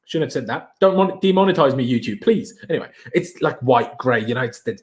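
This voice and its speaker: A young man from Austria, whose first language is German, chats casually on a live stream, energetic and slangy as he hypes his viewers. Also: medium pitch, a little fast, few pauses. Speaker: livestream host.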